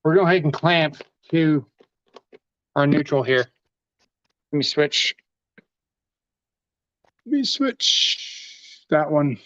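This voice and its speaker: A man's voice: a little high, animated, takes it slowly, long pauses, fairly bright tone, no echo. A man hosting a live tool demonstration, talking casually while he handles his gear. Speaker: host demonstrating tools. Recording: dull lo-fi livestream audio.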